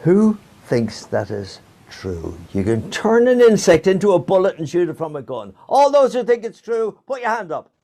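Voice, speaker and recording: A man's voice: sits high, sing-song, moderate pace, gravelly, hardly any pauses, mellow. An older man hosting a playful true-or-false quiz over a video call, teasing his guests and laughing often. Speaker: quiz host.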